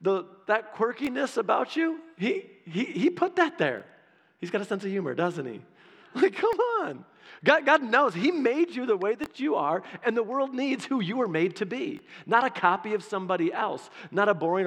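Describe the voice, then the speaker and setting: A man with a high voice preaches in a lively, chatty way and slips into the voices of the people he quotes. His words ring out with a long hall reverb. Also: moderate pace. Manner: animated and conversational, acting out quotes. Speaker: pastor. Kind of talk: sermon.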